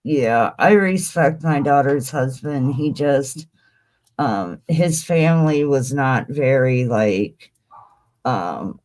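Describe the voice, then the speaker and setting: A woman's voice: extremely low pitch, lively intonation, slow, a little mellow, no room sound. A middle-aged woman hosting a livestream chat, rambling along and calling her guests honey. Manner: rambling, chatty, calls people honey. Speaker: livestream host. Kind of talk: casual chat.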